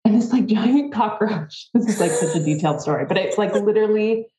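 A woman guest on a podcast, telling a story in a casual, animated way with a lot of "like". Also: medium pitch, a little fast, reverberant, low-quality recording. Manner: animated, fillers with "like", acts out her own thoughts. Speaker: podcast guest, former softball player.

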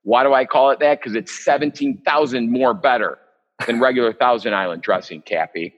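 A man runs a live cooking demonstration as the chef, with a mid-pitched voice. He chats casually, cracks jokes and wanders into rambling asides. The recording sounds a little muffled and dull. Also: fairly quick. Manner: joking, chatty, rambling asides. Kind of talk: live online cooking demo.

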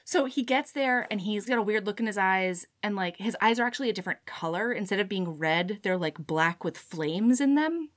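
A woman hosting a casual chat, retelling a story with lively asides and quick character voices. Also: medium pitch. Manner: animated storyteller acting out characters' lines. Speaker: podcast host recapping a book.

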